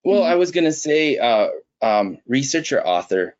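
A man speaking as a panelist, halting and searching for his words. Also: mid-range voice, very animated, darkish tone. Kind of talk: panel discussion. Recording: dull lo-fi audio.

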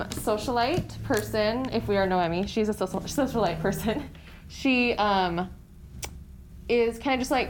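A woman's voice: on the high side, slight background noise, low-quality recording. A woman co-hosting a casual book chat, chatty and giggly, with lots of fillers. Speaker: podcast co-host.

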